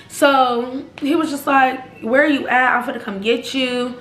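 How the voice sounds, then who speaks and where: A young woman vlogger, telling a personal story casually and acting out the quotes in a raised voice. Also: measured pace. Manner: animated, acts out quotes in higher pitch. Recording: echoey room, faint background noise.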